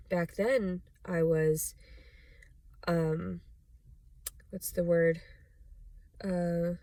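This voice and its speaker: A woman's voice: fairly low pitch, darkish tone, dry recording. A young adult woman vlogging in a rambling personal monologue, blunt and profane, full of "like" and "you know".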